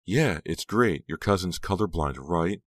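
A man's voice: deep voice, animated, unhurried, no echo, studio quality. A man voicing a wry, grumbling teenage girl in an audiobook, with only a slight lift of his voice.

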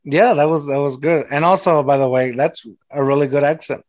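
A man hosting a casual interview, asking relaxed questions with a joking manner. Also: fairly high pitch, fairly quick, dry recording. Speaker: interview host.

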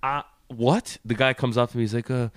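A man's voice: medium pitch, level tone, very fast, smooth, dry recording. A man co-hosting a podcast, animatedly telling a story and acting out the people in it. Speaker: podcast co-host. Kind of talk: casual chat.

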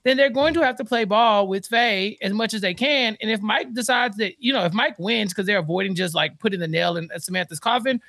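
A man co-hosting a podcast, recapping a TV episode in casual chat, animated and fond of acting out the characters' lines. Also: high voice, brisk, creaky, hardly any pauses, no room sound, studio quality. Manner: animated, acts out characters with exaggerated quotes. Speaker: podcast co-host.

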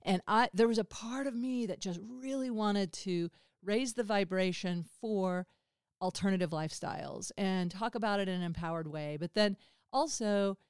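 Podcast host, woman in her fifties, animated storyteller, clear tone, dry recording. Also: mid-range voice, normal speed, dry recording. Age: 50s. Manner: animated, swears freely, acts out dialogue. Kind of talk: candid conversational storytelling.

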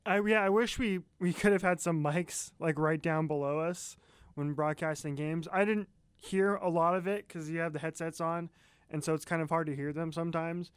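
A man's voice: a little high, steady tone, normal speed, clean tone, no echo. A man co-hosting a casual podcast, chatting in a folksy way and speaking straight to his listeners. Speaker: podcast co-host. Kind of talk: casual chat.

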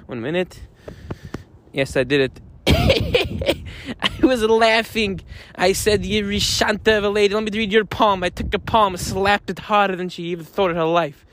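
Guy with a high voice doing a rambly fake-angry comedy podcast bit, keeps cracking himself up. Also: normal speed, a bit bright, a little hiss or hum. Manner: rambling, mock-outraged, laughing often. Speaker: podcast host. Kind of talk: comedic monologue in character.

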